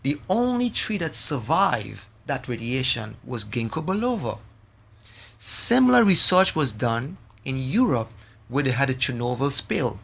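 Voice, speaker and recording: Man guest, mid-pitched, earnest preacher manner. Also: very animated, measured pace, creaky, fairly bright tone, breathy edge. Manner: earnest, preacherly, scripture-quoting. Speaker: guest, product maker. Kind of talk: casual radio talk with preaching.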